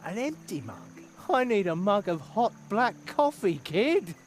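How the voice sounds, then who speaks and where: A worn-out animal guard who grumbles about his extra shifts and barks when someone comes near. The voice sits high for a man, and he drags his words with sleepy, complaining weariness. Soft game music hums faintly behind him. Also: big pitch swings, a little slow. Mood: weary. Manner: drowsy, complaining, sudden sharp outbursts. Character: weary male animal town guard, overworked and grumpy. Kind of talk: video game dialogue.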